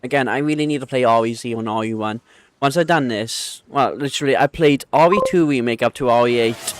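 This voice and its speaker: A man's voice: medium pitch, brisk, no echo. Rambling streamer man with a dry sound. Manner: rambling, self-correcting. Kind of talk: casual gaming livestream chat.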